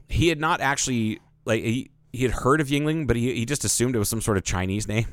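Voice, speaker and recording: A man's voice: mid-range voice, a little fast, no echo. A man co-hosting a podcast, telling stories in casual chat, quoting people and swearing freely. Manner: storytelling, quotes people, swears. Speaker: podcast co-host. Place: podcast studio.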